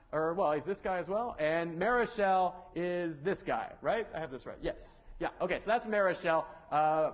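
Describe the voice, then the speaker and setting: A young man lecturing a university class in a lecture hall, talking casually, correcting himself often and joking with the students. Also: a little high. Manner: casual, rambling, self-correcting with many fillers.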